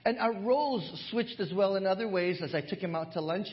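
A male pastor telling a personal story in a sermon, animated and often laughing, recorded in a church with dull lo-fi sound. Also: high voice, fairly quick. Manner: animated, laughs through his stories.

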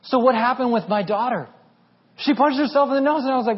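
High-voiced pastor preaching with humor. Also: male voice, quick pace, slightly rough, lo-fi sound. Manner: animated, humorous storytelling. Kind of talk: sermon.

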